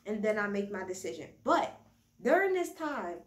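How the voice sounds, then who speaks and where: A woman's voice: medium pitch, sing-song, moderate pace. A woman giving a casual, profanity-laced recap while a little tipsy, recorded at home without a proper mic. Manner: slangy, profane, chatty. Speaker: reality TV recapper. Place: at home indoors. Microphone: built-in device mic, no external mic. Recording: roomy echo, no proper mic.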